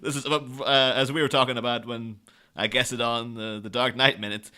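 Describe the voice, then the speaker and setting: Man, podcast co-host, bright voice, rambling, laughing, casual. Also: mid-range voice, steady tone, moderate pace, clear, resonant tone. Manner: rambling, laughing, jokey asides. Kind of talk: casual film chat.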